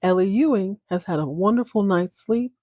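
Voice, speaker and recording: A woman's voice: medium pitch, expressive, normal speed, mellow, dry recording, studio quality. Chatty woman recapping a show. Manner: chatty, playful, dramatic retelling with asides. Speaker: podcast host. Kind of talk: casual recap podcast.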